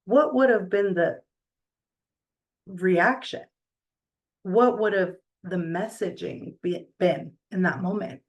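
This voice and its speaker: A middle-aged woman giving a reflective motivational talk, earnest and deliberate, with pauses between phrases. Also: lowish voice, rough recording.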